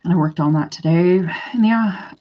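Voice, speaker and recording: A woman's voice: fairly low pitch, moderate pace. Chatty woman telling a story, lo-fi. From western Canada. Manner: animated, chatty, full of "like" and quoted dialogue. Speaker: vlogger. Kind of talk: casual storytelling. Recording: dull lo-fi recording.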